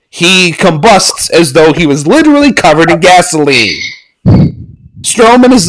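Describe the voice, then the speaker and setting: A man casually recapping a wrestling match with sarcastic commentary and mock-excited outbursts. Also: fairly high pitch, low-quality recording.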